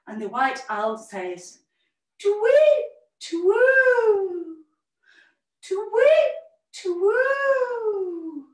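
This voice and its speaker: A woman's voice: fairly high pitch, far from the mic. Sing-song woman leading kids' yoga. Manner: animated, sing-song storytelling with gentle cues. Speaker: yoga teacher. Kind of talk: storytelling family yoga class. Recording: echoey room, voice off-mic.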